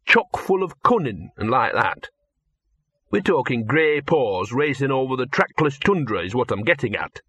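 A scruffy streetwise talking dog from a storybook, put on by a male narrator, with a husky, drawling, sardonic working-class way of talking. He sounds dry and close, his grumbling voice raised a little above the narrator's own. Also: medium pitch, sing-song, normal speed, fairly bright tone, no echo. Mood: musing.

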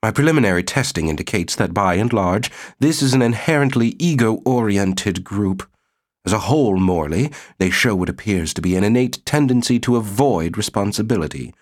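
A man's voice: fairly low pitch, expressive, moderate pace. A man voicing a skinny, pedantic male colony psychologist with a clinical, lecturing manner.

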